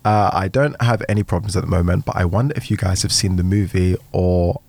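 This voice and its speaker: A man's voice: sits low, fairly quick, no room sound. A man co-hosting a podcast from England, reading listener letters aloud and laughing often. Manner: giggly, lively, reads letters aloud. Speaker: podcast co-host.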